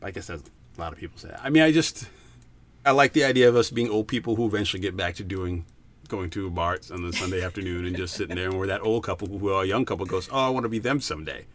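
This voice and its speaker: A man's voice: low-pitched, fast, a little hiss or hum. A man chatting casually as a guest on his wife's podcast, jokey and rambling, laughing a lot. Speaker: podcast guest, host's husband. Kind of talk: casual chat.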